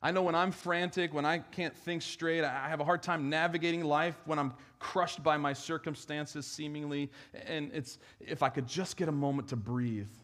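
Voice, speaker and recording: A man preaching in church with a slightly high voice. His delivery is conversational, moving from strong, raised emphasis to soft, hushed moments. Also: fairly even intonation, moderate pace, hardly any pauses. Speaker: pastor. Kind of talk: sermon.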